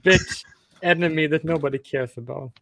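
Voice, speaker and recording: A man's voice: fairly high pitch, moderate pace, vocal fry, fairly bright tone, no room sound. A man joking provocatively in a casual group chat.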